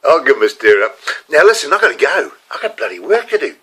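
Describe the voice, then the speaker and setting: Middle-aged man, New Zealand accent, ranting vlog monologue, lively swooping pitch, bright forceful tone. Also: fast, husky, rough recording. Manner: animated, ranting, reads a letter aloud with asides. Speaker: vlogger and motivational speaker.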